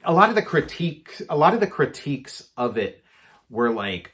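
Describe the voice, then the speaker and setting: A man's voice: fairly high pitch, very animated, moderate pace, a bit bright. A man co-hosting a casual chat about movies, rambling with lots of filler words. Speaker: podcast co-host.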